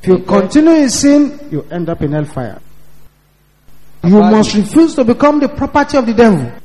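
High, animated male preacher. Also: moderate pace, long reverb tail, crowd noise, rough recording. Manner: emphatic, repetitive warnings. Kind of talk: sermon.

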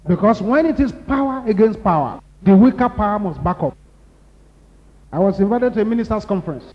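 A man with a Nigerian accent preaching a sermon, emphatic and repetitive, building to loud exclamations. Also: sits high, lively intonation, fairly quick. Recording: dull lo-fi recording in a reverberant hall.

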